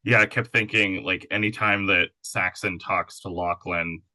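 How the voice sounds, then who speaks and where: A man's voice: low-pitched, steady tone, measured pace, sharp tone, no echo, low-quality recording. A man interviewing an actor, chatting casually and often chiming in with short agreements. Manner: friendly, frequent short agreements. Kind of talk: conversational interview.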